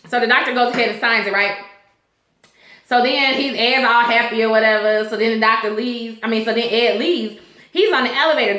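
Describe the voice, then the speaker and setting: A woman hosting her own vlog, recapping a TV episode in casual, animated chat with features and speaking straight to her viewers. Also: a little high, reverberant. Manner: chatty, animated, addresses viewers directly. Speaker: YouTube TV recap host.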